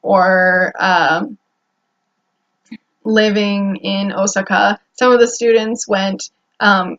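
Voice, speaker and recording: A woman's voice: medium pitch, steady tone, slow pace, long pauses, a bit bright. A young American woman talking casually to the camera about her days, rambling with fillers and restarts. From United States. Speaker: vlogger. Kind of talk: casual vlog talk to camera. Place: indoor room at home. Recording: slightly dull lo-fi audio.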